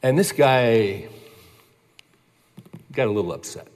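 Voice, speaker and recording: A man's voice: medium pitch, lively intonation, takes it slowly, darkish tone. A man teaching a sermon, conversational and emphatic, telling a personal story and repeating key phrases. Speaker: pastor. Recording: reverberant hall.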